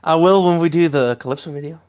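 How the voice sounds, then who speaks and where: Smooth-voiced easygoing man. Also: a little high, fast, darkish tone. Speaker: podcast co-host. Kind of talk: casual chat.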